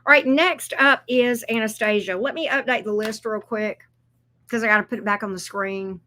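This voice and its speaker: A woman's voice: a little high, moderate pace, pushed and bright. A woman, chatting casually while she gives tarot readings on a livestream, loose and joking. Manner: chatty and loose, laughs and swears, talks to chat and her pets.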